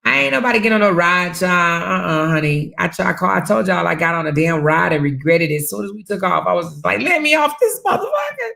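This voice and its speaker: Hosting a casual livestream, a woman chats straight to her viewers and reads their comments aloud. Her lowish, gravelly voice moves quickly with few pauses, growing loud and animated during stories, and she swears freely. The room sound is a bit echoey.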